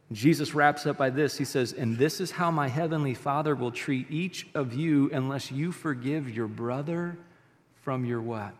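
A man preaching a sermon, animated, swinging between loud bursts and hushed lines. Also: a little high. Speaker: pastor. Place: church auditorium. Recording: long reverb of a large auditorium.

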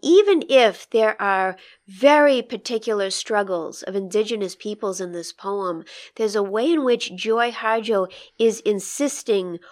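Woman, poetry co-host, enthusiastic and admiring, medium pitch, conversational close reading. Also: unhurried, hardly any pauses, a little mellow.

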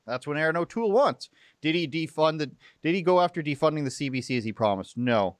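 Young man, sarcastic host, smooth clear voice, dry close sound. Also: on the high side, lively intonation, a little fast, no room sound. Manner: sarcastic, mocking. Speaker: political commentary host. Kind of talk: opinionated live commentary.

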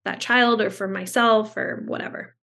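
A woman's voice: medium pitch, fairly even intonation, moderate pace, creaky, a bit bright. A woman, a speech-language pathologist, telling stories in casual conversation, chatty with fillers and restarts, over a video call. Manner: chatty, many fillers and restarts, acts out quotes.

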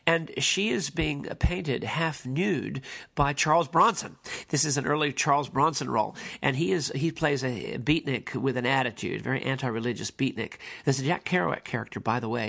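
A man talks through an old movie in a loose, conversational way, wandering into asides and then stressing his points. His voice has a gravelly edge and sits at an ordinary middle pitch. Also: fairly bright tone. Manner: digressive, conversational, emphatic asides. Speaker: film commentator. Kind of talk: casual spoken commentary.

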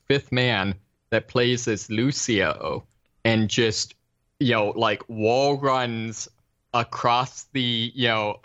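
A man's voice: mid-range voice, fairly bright tone. A man in casual podcast chat, rambling with many fillers and restarts. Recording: slightly dull lo-fi recording.

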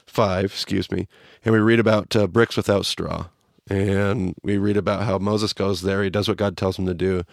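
A man hosting a podcast, teaching a Bible story in a casual, animated way. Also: low-pitched, creaky, dry recording, clean studio sound. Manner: animated, acts out quotes as he teaches.

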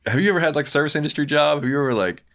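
A man's voice: on the high side, very fast, fairly bright tone. A man from South Louisiana, probably in his thirties, chatting casually with loose, profane storytelling and mimicked voices. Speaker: guest. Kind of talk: casual chat.

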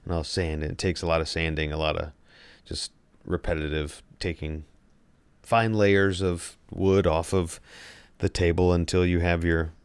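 A male podcast co-host with a very low, smooth voice rambles through a casual, jokey chat. He restarts his thoughts and leans on fillers. The sound is close and dry. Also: darkish tone, no echo.

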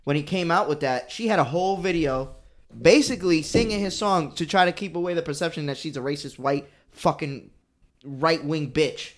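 A man co-hosting a casual podcast chat, swearing freely and talking with animated energy. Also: fairly high pitch, normal speed. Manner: profane, animated, mock British voice at times. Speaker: podcast co-host.

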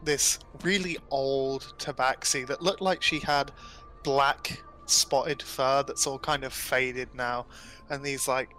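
A man's voice: mid-range voice, steady tone, slow, bright, forceful tone. A man narrating a tabletop game as game master in a loose, descriptive way, with frequent ums. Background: faint music.

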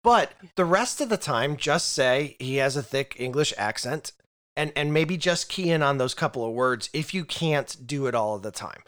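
A man's voice: mid-range voice, expressive, moderate pace, fairly bright tone. A man co-hosting a casual podcast chat about role-playing games, often restarting and repeating words as he thinks aloud. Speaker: podcast co-host.

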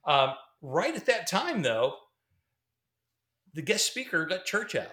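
A man's voice: a little high, big pitch swings, slow pace, pushed and bright. A middle-aged man, a former pastor, telling a story casually, rambling with fillers and restarts. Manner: rambling, fillers and restarts, laughs between sentences. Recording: roomy echo.

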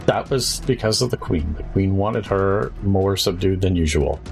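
A scheming healer woman, tied up but icy, threatening in a flat, poker-faced way, as a man puts her on in a tabletop game. The voice sits very low, and faint music plays underneath. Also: normal speed, gravelly. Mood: cold. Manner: flat poker-faced menace, sharp shrieks when hurt. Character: cold, scheming female healer held captive.

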